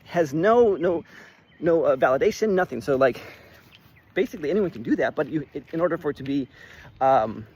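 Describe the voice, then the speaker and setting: A man, a real estate investor, telling a story in a casual vlog, animated and swearing freely. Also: on the high side, brisk, husky. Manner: animated, swears when worked up, lots of "like".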